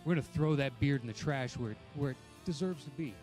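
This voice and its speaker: A man's voice: mid-range voice, fast talker, darkish tone, soft background music. A man cutting a mocking trash-talk promo against his opponent. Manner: mocking, taunting. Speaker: competitor.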